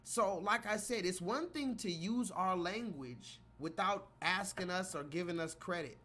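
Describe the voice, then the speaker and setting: A man giving live reaction commentary, mocking and animated, often telling his chat what to type. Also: sits high, a little slow. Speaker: livestream commentator.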